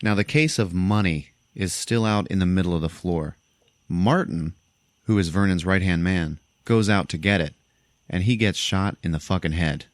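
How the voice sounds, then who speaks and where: Low-voiced man gleefully retelling a film. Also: normal speed, no echo. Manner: animated, profane retelling, acting out lines. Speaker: podcast host. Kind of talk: casual movie recap.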